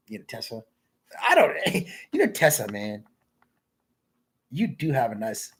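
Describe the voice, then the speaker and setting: A man with a very husky, breathy voice rambles through crude, off-the-cuff commentary. He mumbles and trails off into low asides, then bounces back with a lively, swinging pitch. His talk keeps interrupting itself.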